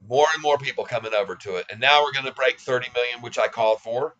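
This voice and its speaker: Man in his sixties, bright voice, folksy and cocky, self-mocking, casual stock commentary. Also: medium pitch, quick pace, few pauses, lo-fi sound. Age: 60s. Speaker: stock trading vlogger.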